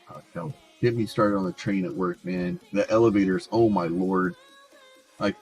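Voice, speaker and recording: A man streaming a game, chatting casually and rambling, often restarting his words. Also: on the low side. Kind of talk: casual chat while gaming.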